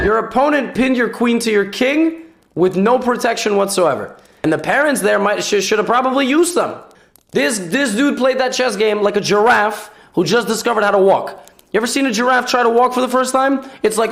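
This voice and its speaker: A man's voice: very high voice, animated, a little fast, gravelly, loud music behind the voice. A man giving comedic chess commentary, teasing and sarcastic, breaking into shrieks of disbelief at blunders. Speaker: chess commentator and channel host.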